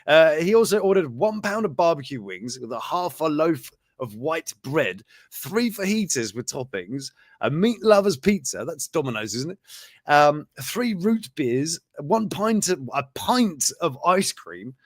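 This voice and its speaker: A man's voice: on the high side, very animated, a little slow, dry recording. Man, host, casual commentary, rambling, chuckling, dry close sound. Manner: rambling, chuckling, breaks off mid-sentence. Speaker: show host. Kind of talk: casual commentary reading out news items.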